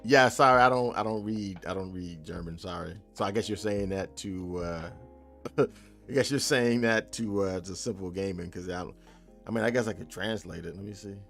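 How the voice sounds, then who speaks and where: A man's voice: sits low, moderate pace, gravelly, a bit bright, soft background music. A man chatting casually on a live dev stream, reading and answering chat in a loose, joking way and laughing often. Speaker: game developer streamer.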